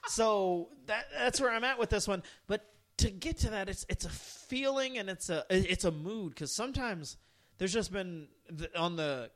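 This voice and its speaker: High-voiced man chatting casually about beer. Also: normal speed, a bit bright. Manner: rambling, restarts often, laughs while talking. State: has the hiccups. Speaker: podcast co-host. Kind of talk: casual chat.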